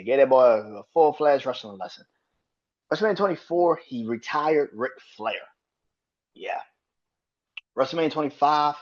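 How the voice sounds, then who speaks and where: A man talking on his own podcast in a casual, rambling monologue, swearing freely and breaking into laughter. His voice sits in a middle range and turns loud and high when he gets worked up. The recording sounds a little dull and lo-fi. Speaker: podcast host.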